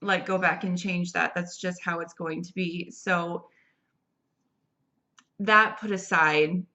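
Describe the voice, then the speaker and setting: A woman's voice: fairly low pitch, fairly even intonation, takes it slowly, pushed and bright, lo-fi sound. A young adult woman giving a casual, rambling movie review, chatty and full of fillers and restarts. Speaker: film reviewer.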